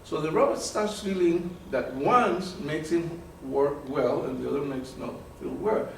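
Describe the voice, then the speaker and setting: A man lectures to a small audience, his voice somewhat high for a man and lively, with frequent restarts as he hunts for the right word. He is picked up from a distance, so the sound is very echoey and carries faint room hiss. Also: unhurried, creaky. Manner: animated, repeats words while searching for terms. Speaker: presenter. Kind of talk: live lecture with audience questions.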